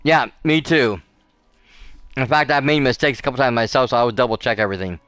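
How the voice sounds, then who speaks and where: Smooth-voiced man chatting over a game. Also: medium pitch, fast talker, a bit bright, dry recording, soft background music. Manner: rambling and chatty, with many fillers and restarts. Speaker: gaming channel host. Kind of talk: casual let's play commentary.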